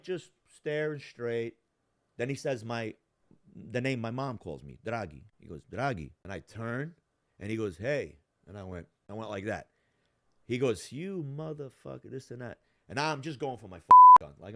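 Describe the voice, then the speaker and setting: A man telling a story in casual talk, profane and animated, acting out the voices of the people in it. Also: medium pitch. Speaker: storyteller guest.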